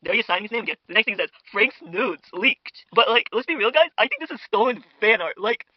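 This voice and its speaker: A man's voice: high voice, animated, racing, no echo, lo-fi sound. A young man rambling in a gossipy, mock-outraged way as host of a parody internet drama commentary, full of fillers and asides to viewers. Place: home dinner table. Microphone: podcast mic.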